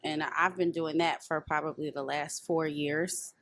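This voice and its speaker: A woman guest on a podcast in casual chat, talking in an expressive, reflective way and laughing easily. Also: low voice, unhurried, no echo.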